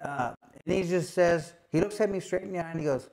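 A man's voice: fairly high pitch, a little fast, vocal fry, darkish tone. A man, a former boxing champion, telling a long casual story, full of "you know" and repeated "he goes". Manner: rambling, many fillers and repeated "he goes".

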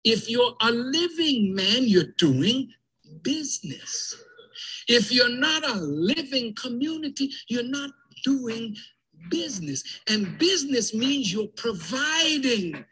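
A man giving a fiery sermon, impassioned, swinging from shouts to hushed near-whispers. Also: extremely high pitch, big pitch swings, takes it slowly, rough recording. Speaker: speaker addressing a congregation.

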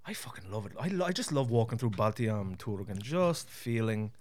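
A man's voice: lowish voice, very animated, fairly quick, darkish tone. A man from Ireland, co-hosting a podcast in casual chat, wry, sardonic and swearing freely. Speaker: podcast co-host.

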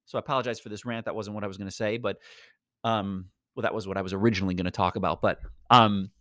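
A man hosting a podcast, giving an energetic, rambling motivational talk full of slang. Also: fairly low pitch, fast, no echo, clean studio sound. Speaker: podcast host. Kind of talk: casual motivational monologue.

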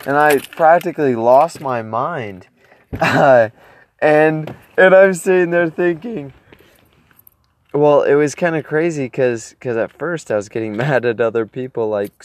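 A man's voice: fairly high pitch, slow pace. A young man vlogging outdoors, telling his viewers a story, acting out his own reactions and rambling with restarts.

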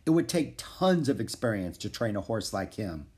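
A man's voice: on the low side, sing-song, normal speed, darkish tone. A man reading a children's storybook aloud, voicing a cautious, anxious young boy in a raised voice. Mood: earnest. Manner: anxious, objecting, practical.

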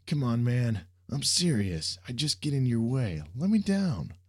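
A man's voice: lowish voice, lively intonation, unhurried, dark tone, pitched above the performer's own voice. A man voicing a laid-back, reluctant young man who banters sardonically. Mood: pleading.

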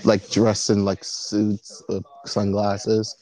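A man improvising a role-play story with friends, relaxed and unhurried. His voice is low and mellow, with little rise and fall.

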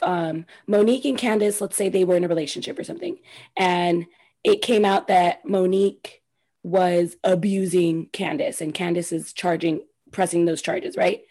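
A woman's voice: mid-range voice, darkish tone, slightly rough. A woman co-hosting a casual chat, working through her opinions with hedges and restarts. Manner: thoughtful, hedging, halting restarts. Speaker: podcast co-host.

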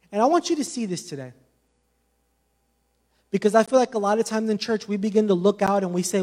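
A man's voice: high voice, normal speed, pauses often, mellow. A man preaching a sermon with passion, speaking conversationally and adding many casual asides.

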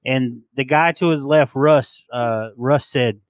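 A man's voice: medium pitch, takes it slowly, no echo. Blunt Southern man telling stories. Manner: blunt storyteller, swears freely. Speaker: podcast guest. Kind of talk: casual chat.

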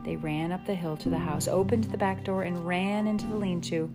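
Low-voiced woman narrating a storybook. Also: steady tone, loud music behind the voice. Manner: slow, gentle, measured. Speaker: audiobook narrator.

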